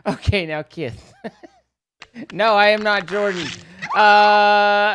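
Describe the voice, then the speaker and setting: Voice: medium pitch, slow, slight background noise. A live streamer chatting casually with viewers, rambling and teasing them playfully. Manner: rambling, animated.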